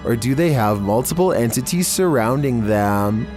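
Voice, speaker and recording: A man narrating scary internet videos in a flat, monotone, scripted delivery. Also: medium pitch, normal speed. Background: faint background music.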